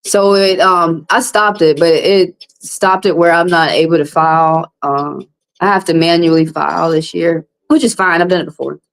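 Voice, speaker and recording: A woman who reads tarot is hosting a live stream, venting bluntly to her viewers with plenty of swearing. Her intonation is fairly even and her pace moderate, though her pitch rises as she vents, and the recording quality is low.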